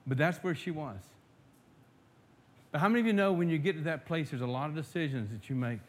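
A man preaching a sermon to his congregation. He swells loud and emphatic when reading scripture and drops to soft asides, often restarting and repeating words. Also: on the high side, brisk. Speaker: pastor.

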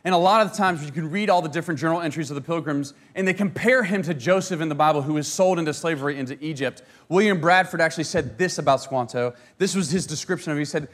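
A man telling a history story in a casual, animated way, with fillers, asides and a joke now and then. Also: fairly high pitch, quick pace, few pauses. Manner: animated, conversational, jokes and asides.

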